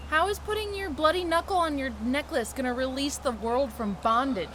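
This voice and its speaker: A woman's voice: high-pitched, brisk, a bit bright, slight background noise. A woman co-hosting a live stream, giggling and reacting in disbelief to a video. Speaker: co-host, host's wife. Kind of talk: casual live-stream chat.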